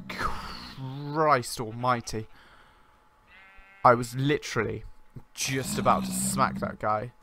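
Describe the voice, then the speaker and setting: A man hosting a casual let's-play, talking in a chatty, rambling way on a boom-arm desk mic at home. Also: fairly bright tone, slight background noise. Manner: chatty and rambling, with many "like" fillers. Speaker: gaming channel host.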